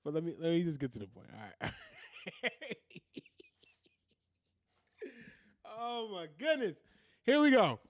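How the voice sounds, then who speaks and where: A man's voice: high-pitched, big pitch swings, quick pace, no room sound, clean studio sound. A man hosting a podcast in a casual, profane monologue who keeps breaking into laughter. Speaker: podcast host.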